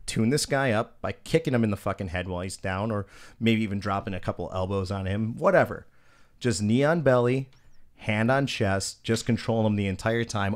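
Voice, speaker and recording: Low-voiced man telling a profane story. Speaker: podcast co-host. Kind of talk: casual storytelling chat.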